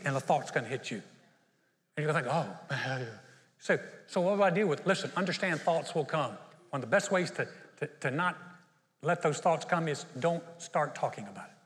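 Man, pastor, lively sermon, acts out stories, slightly high voice, reverberant church hall. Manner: animated storytelling, acts out dialogue.

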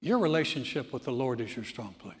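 A man, a pastor preaching a sermon, animated and repeating phrases for emphasis. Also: mid-range voice, a little fast. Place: large church hall. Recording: reverberant hall.

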